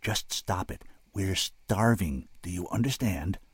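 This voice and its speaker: A man's voice: low voice, animated, moderate pace, slightly rough, no room sound, exaggerated voice. A man voicing a weary, desperate father who gives short, clipped commands in a storybook reading. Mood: terse.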